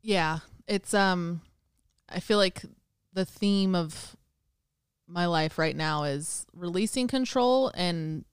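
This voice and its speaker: A woman's voice: fairly low pitch, takes it slowly, clean tone, dry recording, clean studio sound. Giggly, self-conscious woman co-host. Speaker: podcast co-host. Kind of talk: casual chat.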